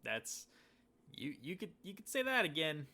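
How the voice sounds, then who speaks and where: Bright-voiced rambling podcast co-host. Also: male voice, a little high, sing-song, normal speed. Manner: rambling storytelling, acts out quoted lines. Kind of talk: casual chat.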